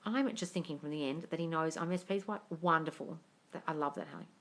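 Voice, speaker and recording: A woman's voice: deep voice, fast. A woman coaching on a livestream, reading out viewer comments and answering them bluntly, with lots of swearing and calling people darling. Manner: blunt and profane, calls listeners darling. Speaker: manifesting coach.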